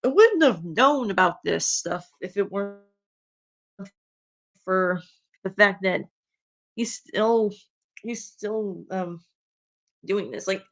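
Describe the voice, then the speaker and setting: Woman w a spanish accent streaming, rambly casual chat, lots of ums and restarts, blunt and exasperated. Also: mid-range voice. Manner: rambling, with many fillers and restarts; outspoken and exasperated. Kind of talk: casual rambling commentary while reading fan fiction.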